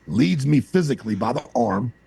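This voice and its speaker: A man's voice: mid-range voice, moderate pace, vocal fry, slightly rough. A man from the American South, co-hosting a podcast and telling long rambling stories in casual chat. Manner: rambling anecdotal storyteller, animated. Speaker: podcast co-host.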